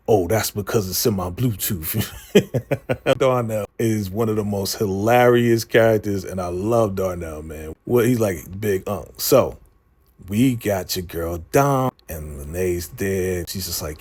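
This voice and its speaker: A man casually recapping a TV episode, acting out the characters' lines in a lively retelling. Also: fairly low pitch, normal speed, slightly rough. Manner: animated retelling, acting out characters' lines, frequent "you know what I'm saying". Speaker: TV recap host.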